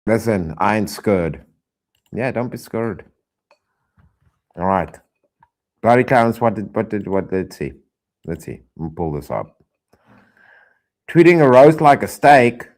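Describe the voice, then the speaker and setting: A man streaming reaction commentary, exasperated and loud, repeating himself and swearing often. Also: low-pitched, animated, a little slow, pauses often.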